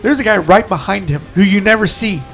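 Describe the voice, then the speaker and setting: A man's voice: high-pitched, fairly quick, gravelly, a bit bright, soft background music. A man co-hosting a casual podcast chat, telling rambling, profane stories full of restarts. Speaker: podcast co-host.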